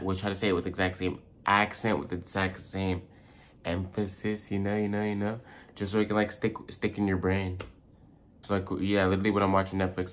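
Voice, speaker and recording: Young man, American, very deep voice, casual rambling vlog, lots of fillers. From United States. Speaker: language-learning YouTuber.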